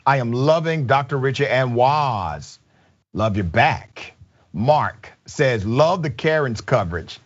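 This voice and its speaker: Guy hosting a live stream show, energetic and repetitive, kinda dull lo-fi audio. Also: mid-range voice, slow. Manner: energetic, emphatic, repeats himself. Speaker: show host. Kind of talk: live show host reading chat comments.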